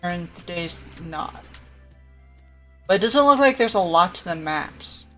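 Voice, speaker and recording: A woman's voice: lowish voice, animated, a little slow. Chatty woman streamer with faint music. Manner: chatty, laughs often, acts out quoted voices. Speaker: livestreamer. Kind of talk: casual storytime chat while gaming.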